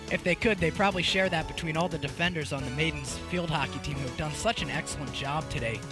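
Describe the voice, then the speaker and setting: A young man doing live play-by-play commentary on a school field hockey game, getting loud and excited on goals. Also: fairly high pitch. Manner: energetic, rises sharply on goals. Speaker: play-by-play announcer.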